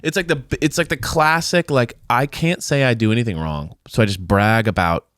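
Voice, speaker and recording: A man's voice: mid-range voice, normal speed, fairly bright tone, smooth, no echo, clean studio sound. A man co-hosting a podcast, chatting casually through a reality-TV recap and slipping into exaggerated mock voices. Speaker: podcast co-host.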